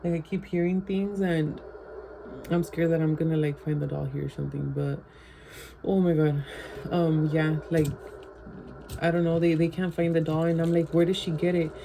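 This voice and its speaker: A woman's voice: sits low, little pitch movement, moderate pace, gravelly, warm tone, slight background noise, rough recording. A woman vlogger at home telling a rambling storytime, full of fillers and slipping Spanish phrases into her English. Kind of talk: casual storytime.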